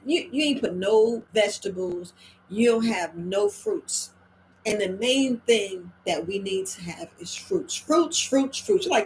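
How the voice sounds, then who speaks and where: A middle-aged woman herbalist talking in a casual, animated monologue, slipping into quoted voices and slang. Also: medium pitch, normal speed, slight background noise, poor audio. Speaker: herbalist host.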